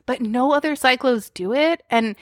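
A woman co-hosting a casual movie recap podcast, chatty and quick to laugh. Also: high voice, no echo, studio quality. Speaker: podcast co-host.

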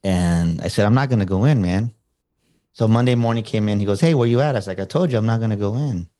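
Male guest, motivational speaker; lowish voice, casual storytelling, acts out the dialogue. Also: fast. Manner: animated, acts out quoted dialogue.

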